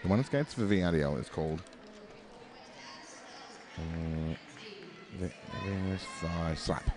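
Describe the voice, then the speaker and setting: A man's voice: low-pitched, unhurried, a crowd in the background. A man with an Australian accent doing live commentary on a roller derby bout, chatty and rambling, with plenty of fillers and self-deprecating asides. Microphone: headset.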